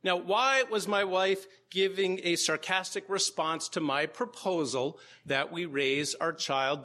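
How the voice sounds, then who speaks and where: A man's voice: on the high side, sharp tone. A man, a law professor, giving opening remarks to a live audience in a lecture room, with wry humorous asides. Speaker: law professor and conference co-organizer.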